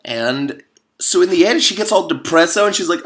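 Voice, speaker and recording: A man giving a casual, comedic commentary on a movie, animated and sarcastic, rambling with many fillers. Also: medium pitch, fast. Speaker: video host.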